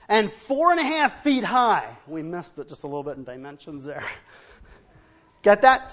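A man's voice: high voice, big pitch swings, normal speed. A male preacher giving a sermon, telling Bible stories, acting out dialogue in different voices and adding humorous asides for the congregation. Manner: storytelling, acts out biblical and household dialogue in different voices. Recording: dull, muffled recording.

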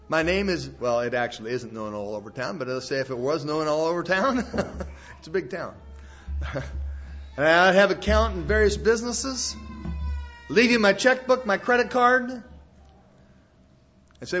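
A man's voice: fairly high pitch, moderate pace, pauses often, a bit bright. A male pastor preaching a sermon in a folksy, emphatic storytelling manner to a congregation in a church. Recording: dull lo-fi sermon recording.

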